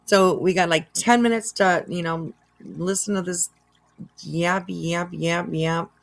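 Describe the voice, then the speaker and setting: Woman host, casual livestream reaction talk, unhurried, lower voice, laughs easily. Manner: chatty, laughs often, reads chat aloud.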